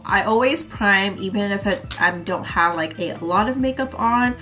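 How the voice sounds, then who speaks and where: Soft music plays behind a young woman whose medium-pitched voice is bright and forceful, at a moderate pace. Slightly congested, the beauty vlogger meanders through her everyday makeup routine with plenty of fillers.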